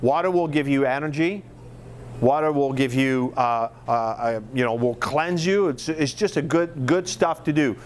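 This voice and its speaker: A man's voice: mid-range voice, moderate pace, a little hiss or hum. A middle-aged man from France with a French accent, teaching a marketing workshop in a casual, chatty way with lots of fillers and restarts.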